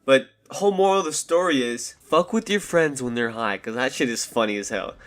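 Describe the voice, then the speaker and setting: A man's voice: medium pitch, brisk. Rambling young man telling a story. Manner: rambling slangy storytelling, fillers like "dude" and "like". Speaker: channel host. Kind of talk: casual storytime. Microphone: desk USB microphone.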